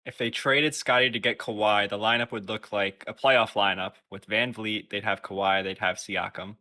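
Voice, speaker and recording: A young man co-hosting a casual podcast, giving a measured breakdown of a basketball question. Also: lowish voice, steady tone, bright, forceful tone. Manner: measured sports analysis. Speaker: podcast co-host. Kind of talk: casual chat.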